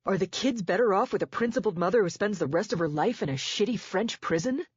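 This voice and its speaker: A woman's voice: mid-range voice, animated, fast talker, husky, no echo, highs cut off. A woman voicing an exasperated middle-aged husband who pleads, then accuses, in an audiobook. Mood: pleading.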